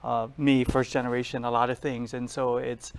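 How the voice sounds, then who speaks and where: A man's voice: mid-range voice, little pitch movement, moderate pace, gravelly, clean tone. A young man talking casually in an interview, chatty and often saying "like". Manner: chatty, laughs, says like often. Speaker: political candidate.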